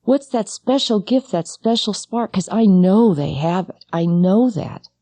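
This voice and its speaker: A middle-aged woman, a psychologist and mother, gives a personal talk on loss in a mellow, warm voice. She speaks straight to the listener, intimate and halting, often circling back over her words. The recording is dry and close. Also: medium pitch, animated, no echo.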